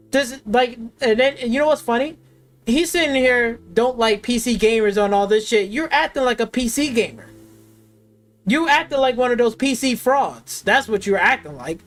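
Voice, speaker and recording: A woman's voice: a little high, normal speed, faint music behind. A woman streamer ranting with angry, sarcastic, profane commentary at her gaming PC. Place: at a desktop gaming PC.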